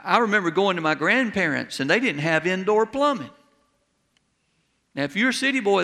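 A man's voice: on the high side, gravelly, sharp tone, big-room sound. A middle-aged man preaching a sermon, telling folksy stories and building to emphatic exclamations. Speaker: pastor.

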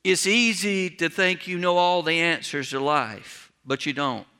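Pastor, man, slightly high and bright-toned, folksy storyteller with humor, sermon in a reverberant church. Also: a little slow, clean tone. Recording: long reverb of a large hall.

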